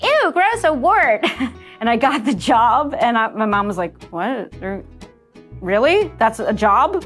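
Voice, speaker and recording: A middle-aged woman from New Jersey, a voice actress chatting casually in an interview, lively and quick to laugh. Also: medium pitch. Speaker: voice actress guest.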